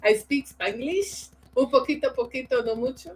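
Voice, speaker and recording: A soft-spoken woman from New York with a Bronx accent, a guest chatting casually on a livestream. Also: high voice, lively intonation, low-quality recording. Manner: slow, soft-spoken, laughs easily. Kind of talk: casual chat.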